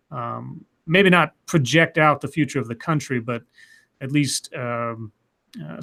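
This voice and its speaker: A man's voice: medium pitch, a bit bright. A man co-hosting a casual livestream chat, reading viewer questions aloud in a joking put-on Southern drawl.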